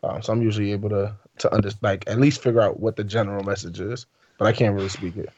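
A man's voice: lowish voice, fairly even intonation, quick pace, darkish tone, husky, highs cut off. A man co-hosting a podcast in casual banter, laid-back and rambling, often asking "you know what I'm saying". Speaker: podcast co-host.

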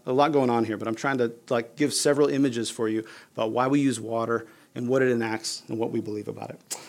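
Male pastor, casual conversational sermon, mid pitch, gravelly. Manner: conversational, casual with fillers like "you guys" and "like".

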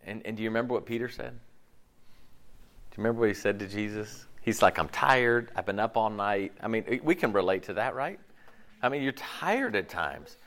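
A middle-aged man preaching a casual, conversational sermon, chatty and animated, with slangy asides and frequent restarts. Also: on the low side, normal speed. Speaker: pastor.

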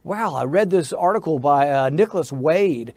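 High, gravelly male senator. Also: lively intonation, normal speed, a little mellow, dry recording. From United States. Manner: insistent, building to indignation. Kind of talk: interview answer, storytelling.

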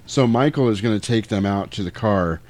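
A man casually retelling a movie plot, animated and swearing, now and then jumping into loud character voices. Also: on the low side, fairly quick. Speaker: podcast host retelling a movie. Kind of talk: casual chat.

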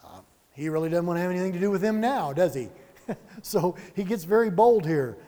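A man leading a Bible study in an animated, conversational sermon style, with chuckling asides and rhetorical questions. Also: high voice, brisk, long reverb tail.

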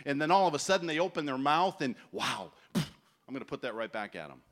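A man in his forties preaching a sermon at a festival, telling stories with animated acted-out voices. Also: medium pitch, quick pace. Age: 40s. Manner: animated storytelling, acts out voices. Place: large tent festival gathering.

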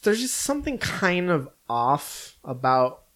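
A man's voice: on the high side, a little slow. Casual male podcast co-host, loose and rambling, full of "like" fillers. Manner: relaxed, rambling, many "like" fillers. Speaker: podcast co-host reviewing films. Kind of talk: casual chat.

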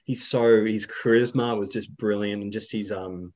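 Low-voiced Australian young man. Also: steady tone, normal speed, a little mellow. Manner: rambling, many fillers and restarts. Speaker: guest, video creator. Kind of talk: casual interview chat.

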